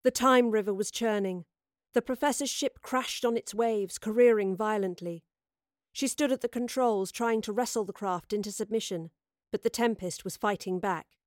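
Narrating a scripted story for an audiobook, this woman speaks at a medium pitch with measured expressiveness. There is no room sound, and the studio audio is clean.

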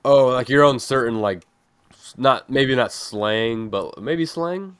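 A man's voice: medium pitch, slow, clear, resonant tone. A man hosting a podcast in casual chat, talking loosely with lots of "like" fillers. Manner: loose, filler-heavy talk with many "like"s. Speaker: podcast host.

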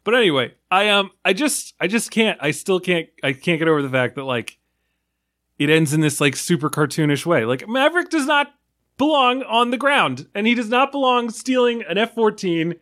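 Animated, high-voiced man ranting. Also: moderate pace. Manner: animated, swearing, rambling rants. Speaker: film podcast panelist. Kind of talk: casual film discussion.

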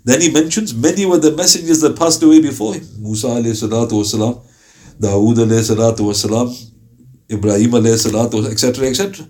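With rapid-fire speech at medium pitch, this teacher recites Arabic verses and tells animated stories. The setting is his Ramadan class on Quran commentary.

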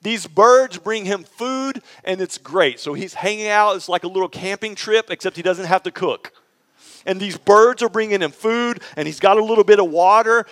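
Male pastor, slightly higher voice, chatty animated sermon storyteller. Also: long reverb tail. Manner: conversational, prompts the congregation.

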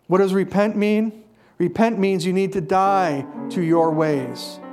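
A man's voice: high-pitched, unhurried, music in the background. A man preaching a sermon, earnest and emphatic, stressing key phrases with repetition.

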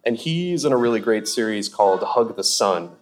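A young man from Seattle, a sketch comedian guest chatting casually on a podcast, rambling and animated with plenty of fillers and laughs. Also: on the low side, normal speed, soft background music.

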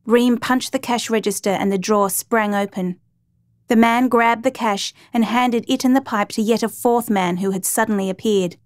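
A woman narrating a true crime story in a steady, measured reading voice. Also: fairly high pitch, dry recording.

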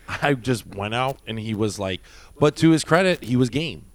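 Man, ex-bouncer, casual podcast chat, swears a lot, acts out quotes, medium pitch. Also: moderate pace, no room sound. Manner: profane, animated, acts out quotes. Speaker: former nightclub bouncer.

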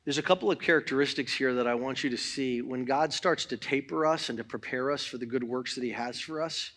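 A middle-aged man preaching a sermon in church, swinging between loud exhortation and quiet talk. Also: medium pitch, brisk. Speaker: pastor.

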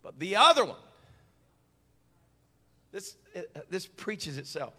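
High, bright-voiced preaching man. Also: very animated, slow, slightly rough, in a large hall. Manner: impassioned preaching that rises from soft talk to shouting; repeats words and phrases for emphasis. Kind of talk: sermon.

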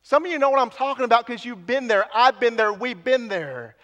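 A man's voice: very high voice, animated, a little fast, fairly bright tone, highs cut off. A man preaching a sermon, building with repeated phrases and dropping to near whispers. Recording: long hall reverb.

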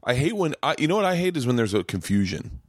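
Profane, animated man telling club stories. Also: medium pitch, quick pace, no room sound, clean studio sound. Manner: profane, animated, acts out quotes in a raised voice. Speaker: podcast host and comedian. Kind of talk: casual storytelling chat. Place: small home studio room.

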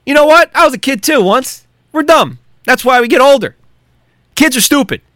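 A man hosting a podcast, delivering an angry, profanity-laden solo rant with heated shouting outbursts. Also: extremely high pitch, animated, moderate pace, dry recording. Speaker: podcast host.

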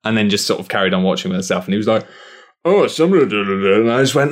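A man's voice: lowish voice, quick pace. Sweary man telling a story. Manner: animated storytelling, heavy swearing. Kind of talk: casual chat.

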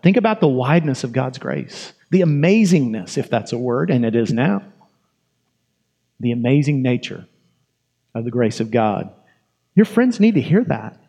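A man's voice: a little high, darkish tone. A man preaching a sermon in a conversational, emphatic way, asking questions and repeating phrases for effect.

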